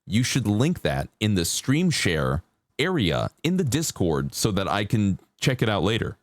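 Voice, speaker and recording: A man's voice: on the low side, wildly swooping pitch, unhurried, no room sound. A man chatting casually with viewers on a live stream while he paints, laid-back and chatty. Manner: laid-back, chatty, sings along to songs in a put-on country twang.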